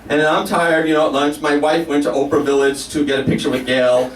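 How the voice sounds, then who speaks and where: This comic storyteller laughs his way through a self-mocking tale, performed live in a small café. His voice is on the high side with a level tone, brisk with hardly any pauses, and it's captured distantly in a roomy space with faint noise.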